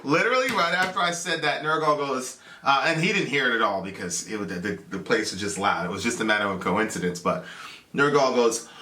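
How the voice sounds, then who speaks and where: A man co-hosting a casual chat, talking in a halting way with many restarts and repeated words. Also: medium pitch, animated, bright, forceful tone. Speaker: co-host. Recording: echoey room, a bit off the mic.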